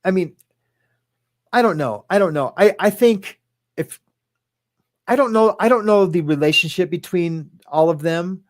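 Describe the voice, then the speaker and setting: A man's voice: high voice, measured pace, long pauses. Rambling man in casual chat. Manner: rambling, hesitant, many fillers and restarts; swears casually. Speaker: podcast host.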